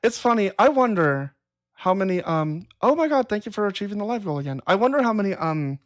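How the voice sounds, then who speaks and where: A woman's voice: mid-range voice, expressive, fairly quick. A woman hosting a live stream, talking casually and replying to chat comments in a blunt, profane, exasperated way. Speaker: livestream host. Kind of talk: casual livestream talk reading chat comments.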